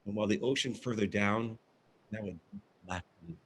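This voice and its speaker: A man's voice: lowish voice, moderate pace, breathy edge. A man reading a candid, wry first-person monologue for a verbatim theatre reading, as a male arts director telling his story.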